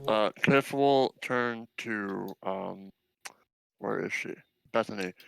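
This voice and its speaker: A man's voice: lowish voice, slow pace, creaky, smooth, low-quality recording. A man playing a tabletop game who talks in a hesitant, laid-back way. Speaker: player. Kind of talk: casual play at a tabletop game.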